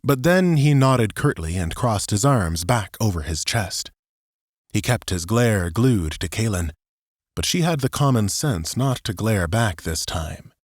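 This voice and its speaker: A man reading a science fiction audiobook as narrator, in a steady storytelling manner. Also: lowish voice, unhurried, no room sound, clean studio sound.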